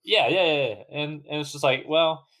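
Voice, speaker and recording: A man's voice: on the high side, animated, fairly quick, sharp tone. A man co-hosting a podcast in casual chat, laughing often, swearing freely and restarting his sentences. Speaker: podcast co-host.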